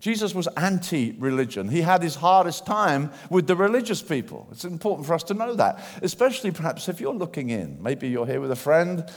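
A man preaching a sermon in church, animated and acting out the voices of people he quotes. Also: a little high, fairly quick, hardly any pauses. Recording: long hall reverb.

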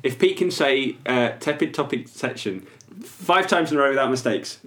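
Brief: male podcast co-host, lively pitch, playful and teasing. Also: normal speed. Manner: teasing, animated, laughs often. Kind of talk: casual comedic chat.

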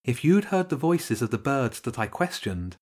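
Guy reading as a stern deadpan lady cat from a storybook, calm and severe. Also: mid-range voice. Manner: stern and measured. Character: stern, cool female cat, straight-faced.

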